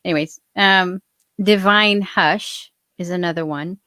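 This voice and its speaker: A woman's voice: fairly low pitch, a little slow, sharp tone, no echo, studio quality. Chatty, teasing woman band member. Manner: chatty, teasing, trails off mid-thought. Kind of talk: casual live-stream chat.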